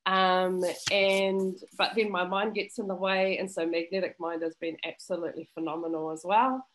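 A woman's voice: lowish voice, steady tone, normal speed, a bit bright, slight background noise, rough recording. A woman speaking over a video call, giving an effusive, emotional and grateful testimonial in a heartfelt way. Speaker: student interviewee.

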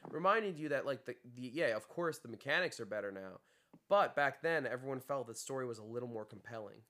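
A fast, animated man hosts a chat podcast. His voice is bright, with a lively, bouncing pitch. He is excitable and keeps slipping into goofy impressions. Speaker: podcast host. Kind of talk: casual chat.

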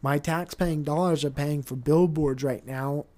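A man's voice: a little high, steady tone, unhurried, a little mellow. A young adult man hosting a casual solo podcast, rambling and swearing, often mocking other people in put-on voices. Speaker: podcast host.

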